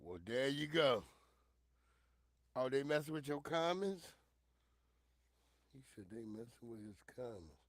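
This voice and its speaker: A man giving loud, profane, animated commentary on a casual livestream. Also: mid-range voice, a little slow, long pauses, dry recording. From Northern Virginia. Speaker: streamer commentator.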